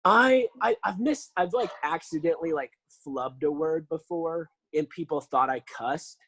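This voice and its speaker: Guy rambling thru a story on a podcast, lots of likes and ums, kinda husky. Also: fairly high pitch, normal speed, no echo, low-quality recording. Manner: animated storyteller, lots of fillers. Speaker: podcast guest. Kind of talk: casual podcast chat.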